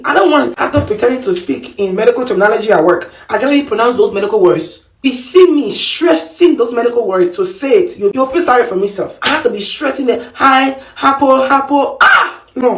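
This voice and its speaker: A woman's voice: on the high side, reverberant, rough recording. Playful African-accented woman telling stories. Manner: playful, self-mocking, quotes dialogue. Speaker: vlogger. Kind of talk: humorous storytelling.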